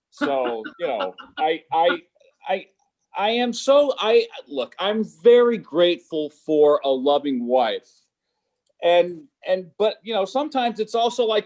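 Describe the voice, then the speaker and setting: A man doing a stand-up set over a video call, halting and stammering, full of fillers. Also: high-pitched, sing-song, a little mellow. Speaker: stand-up comedian. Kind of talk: stand-up set on a virtual show. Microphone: computer mic on a video call.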